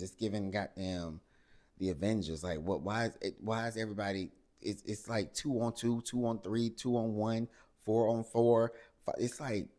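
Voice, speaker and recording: A man hosting a casual reality TV recap, animated and exasperated, with salty asides and acted-out quotes. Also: on the low side.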